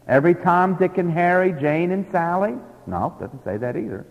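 A man's voice: sits high, expressive, gravelly. A man preaching an expository sermon, leaning hard on key words and putting rhetorical questions to the congregation. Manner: emphatic, drawn-out stress on key words. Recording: dull lo-fi sermon recording in a reverberant hall.

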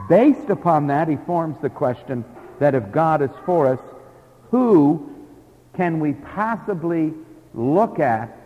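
A man's voice: fairly high pitch, warm tone. A man preaching an expository sermon, leaning hard on key words and putting rhetorical questions to the congregation. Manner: emphatic, drawn-out stress on key words. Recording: dull lo-fi sermon recording in a reverberant hall.

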